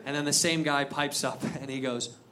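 A man doing a stand-up comedy set, telling an animated story that builds to shouted punchlines. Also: fairly high pitch, normal speed, background noise. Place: comedy venue stage. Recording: live club set, crowd laughter. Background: audience laughing.

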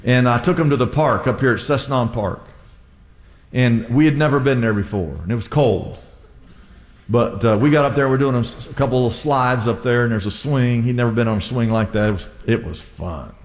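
A man's voice: mid-range voice, moderate pace. An older male pastor preaching a sermon with emphatic, repetitive exhortations. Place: church sanctuary. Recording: echoey hall.

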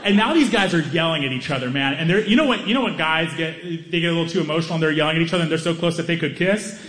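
A man telling a stand-up story, lively, acting out other people's lines. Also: very fast, a faint crowd. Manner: animated, acts out other people's lines in higher voices. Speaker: stand-up comedian.

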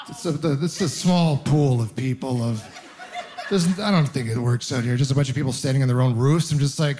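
A man's voice: mid-range voice, a little mellow. A man performing a stand-up comedy set in a self-deprecating, rambling way, with restarts and exaggerated stories.

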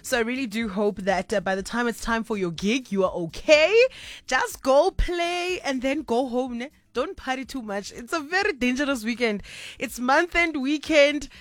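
A woman's voice: high voice, moderate pace, dry recording. A woman with a South African accent hosting a late-night radio show, bubbly and chatty, laughing often. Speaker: radio host. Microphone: studio microphone.

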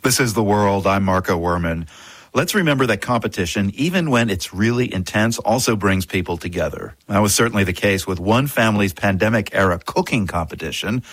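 A man hosting a radio news program, introducing a segment in a measured, conversational read. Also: fairly low pitch, expressive, a bit bright, slightly rough, dry recording. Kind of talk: scripted broadcast presenting. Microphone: studio microphone. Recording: dry studio sound.

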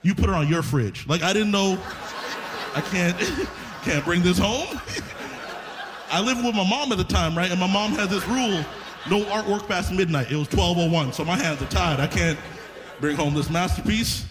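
A man doing a stand-up set, chatty and conversational, slipping into quick impressions. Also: sits high, lively intonation. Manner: conversational, drops into impressions of others. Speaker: stand-up comedian.

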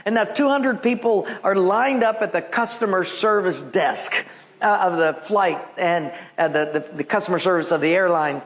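A man preaching a sermon, telling stories and acting out the voices of people in them. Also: normal speed. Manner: storytelling, acts out quoted voices with big pitch jumps. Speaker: pastor.

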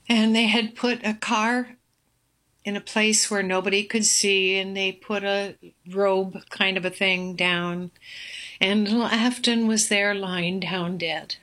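An older woman, a grandmother, slowly telling a painful family story, halting and earnest with many fillers. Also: mid-range voice, a bit bright. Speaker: guest. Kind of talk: personal storytelling.

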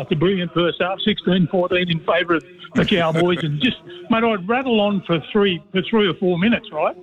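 A middle-aged Australian man calls in to a radio show over a thin, tinny phone line. His voice sits fairly high for a man. He rambles from one yarn to the next and drops "mate" into almost every sentence. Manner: rambling storyteller, says "mate" constantly. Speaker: guest, former player and commentator. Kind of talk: casual radio chat by phone.

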